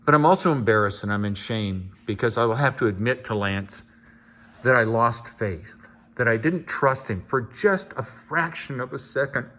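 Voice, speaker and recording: A man speaking at an ordinary middle pitch. He talks in a deadpan, mock-sincere way, laying the sarcasm on thick as he addresses viewers in a one-man vlog. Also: normal speed. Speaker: homeowner vlogger. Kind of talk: sarcastic monologue to camera.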